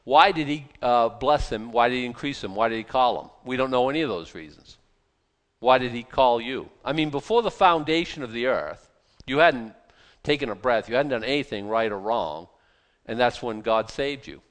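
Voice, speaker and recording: A man preaching a Bible sermon in a conversational, animated way, often restarting and breaking into asides. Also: medium pitch, normal speed. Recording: long hall reverb.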